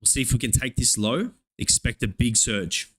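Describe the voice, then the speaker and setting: A young man from Australia with an Australian accent, streaming live trading commentary in a profane, hyped play-by-play with excited oohs. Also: mid-range voice, normal speed. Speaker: live-streaming futures trader.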